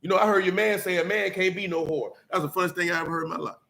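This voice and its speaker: A man's voice: sits high, steady tone, very fast, gravelly, bright, forceful tone. A man preaching a blunt, street-talking sermon mixed with scripture reading. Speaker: teacher.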